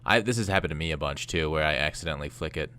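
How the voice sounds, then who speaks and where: A man's voice: rumbling low, rapid-fire, bright, forceful tone. A man co-hosting a casual gaming podcast, easygoing, asking questions and reading notes aloud. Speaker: podcast co-host.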